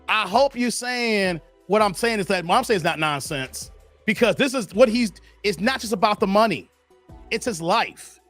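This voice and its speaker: A man hosting a livestream, talking bluntly and casually to his chat. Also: high-pitched. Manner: animated, blunt, talks straight to chat. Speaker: livestream host.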